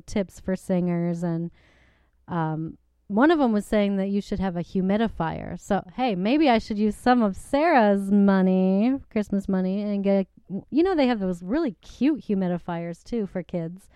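A young woman, a singer and vlogger, chats casually about singing from her apartment, where there's a piano. She giggles often and uses lots of fillers. Her mid-range voice is mellow, clear, and resonant, with no echo.

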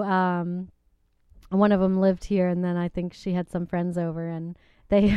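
A woman's voice: mid-range voice, darkish tone, clear, resonant tone, no echo. A young woman vlogging from her apartment, chatting casually about singing, giggling often and using lots of fillers. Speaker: singer and vlogger. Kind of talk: casual chat. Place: apartment with a piano.

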